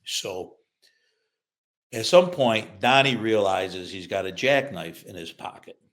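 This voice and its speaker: An older man from upstate New York, an author telling lively childhood anecdotes in a podcast interview. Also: on the low side, takes it slowly. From upstate New York, USA. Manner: lively anecdotes, acts out quoted voices, laughs through punchlines. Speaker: author and guest.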